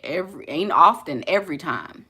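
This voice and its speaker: A woman's voice: low voice, lively intonation, moderate pace, sharp tone, slightly rough. A woman with a New Orleans accent giving blunt, sassy relationship advice in a casual, colloquial way. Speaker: relationship coach.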